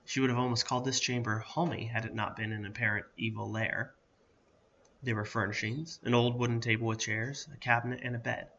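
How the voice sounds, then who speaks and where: A man reading a fantasy story aloud in a steady, even narration. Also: fairly low pitch, highs cut off, slight background noise.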